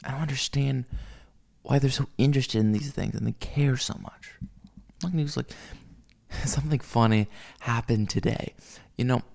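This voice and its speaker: A man's voice: mid-range voice, moderate pace, vocal fry, a little mellow. A man rambling in a casual solo monologue, ranting with lots of swearing, fillers and restarts. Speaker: vlogger.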